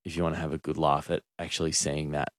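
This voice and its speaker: A man's voice: a bass voice, level tone, fast talker, dry recording, clean studio sound. A man hosting a radio show, rambling and mocking himself in casual banter. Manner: self-mocking, rambling with restarts. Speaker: radio host. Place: radio studio.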